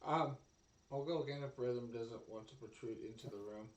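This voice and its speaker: A man's voice: mid-range voice, normal speed, noisy background. Rambling, hyped male player, far off. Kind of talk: casual tabletop game play. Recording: echoey room, distant mic.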